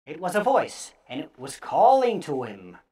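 A woman's voice: low-pitched, big pitch swings, moderate pace. Theatrical woman reading scary stories. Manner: theatrical, hushed dips and sudden loud bursts. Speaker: storyteller. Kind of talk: dramatic scary story reading.

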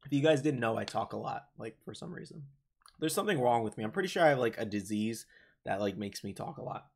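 Young male streamer, mid-pitched, loose and talkative, voice tiring a bit. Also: animated, fast talker, creaky, breathy edge. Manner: rambling, chatty, many fillers and restarts. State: voice getting worn from talking. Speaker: livestream host. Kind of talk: casual live chat reading viewer comments.

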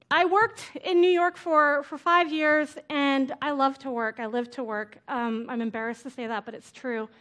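High-voiced casual woman speaker. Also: a bit bright. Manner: casual, chatty, lots of "like" and "right?". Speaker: conference speaker. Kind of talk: conference talk. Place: conference stage before an audience.

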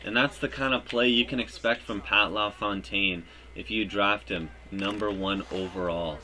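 A man giving live commentary over his own hockey video game, joking and breaking into loud cheers at big plays. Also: lowish voice, normal speed. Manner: excitable, jokey, bursts into loud cheers. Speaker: gaming YouTuber.

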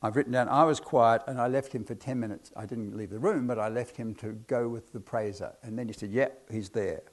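A man's voice: mid-range voice, a little fast. A man giving a hypnotherapy talk to an audience, telling chatty, self-deprecating stories about his cases. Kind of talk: anecdotal lecture to an audience.

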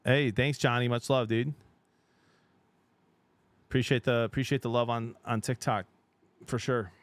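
A middle-aged male game streamer with an average-pitched voice, chatting casually and excitably with his audience. He laughs easily and drifts between half-finished sentences. His voice is close and dry, with no room sound. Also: unhurried, dry recording. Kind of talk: casual live-stream chat.

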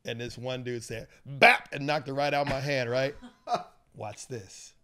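A man's voice: medium pitch, steady tone, unhurried. A man on a podcast as a guest, telling boisterous, profane anecdotes in a casual chat.

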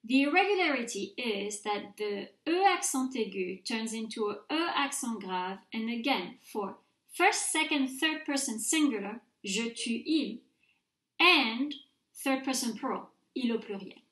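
A woman teaching a recorded grammar mini-lecture, speaking clearly and patiently and repeating words slowly for students to copy. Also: a little high, expressive, fairly bright tone. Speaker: French teacher. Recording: roomy echo.

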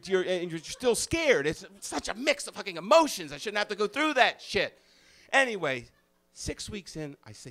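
Here a man does stand-up, telling a story from his own life with lots of energy and swearing. His slightly high voice moves fairly quickly, alternating between loud outbursts and hushed, confessional moments.

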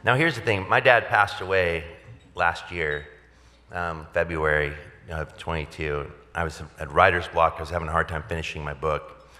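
A man's voice: deep voice, moderate pace, bright, forceful tone, big-room sound. A man, a pastor, telling a personal story at a gala in a candid, conversational way with wry humor. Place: large event hall.

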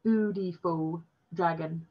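A woman reading aloud and voicing a polite, gentle woman who speaks softly and slowly. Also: medium pitch, lively intonation, breathy edge. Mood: gracious, polite. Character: polite gentle adult woman, a kindly host. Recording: dull lo-fi recording.

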